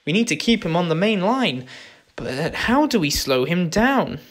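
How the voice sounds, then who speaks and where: A man's voice: sits high, sing-song, a little slow, exaggerated voice. A man voicing a sensible, caring male engine in a storybook tale, speaking in a concerned, practical manner over background music.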